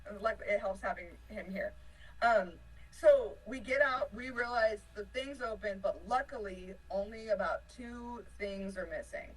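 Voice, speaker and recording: A woman from a touring band telling an animated story in a casual interview, laughing often and swinging between excitement and panic. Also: medium pitch, a little slow, far from the mic, poor audio. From United States. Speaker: band member.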